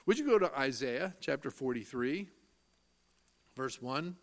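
Preaching at a slow, emphatic pace, this man speaks with a medium-pitched, animated voice. He quotes scripture in archaic language, unpacks its meaning, leans on key phrases, and raises questions for his audience before answering them himself.

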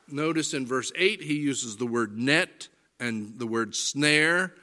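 A man teaching through Bible passages, reading verses aloud and explaining them with lively, varied inflection. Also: medium pitch, slow pace. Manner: animated, varies inflection and reads scripture aloud.

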